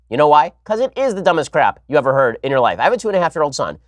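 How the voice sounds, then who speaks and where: A man hosting a political talk show, delivering a rapid opinionated monologue full of sarcastic, mocking asides. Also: medium pitch, big pitch swings, no echo.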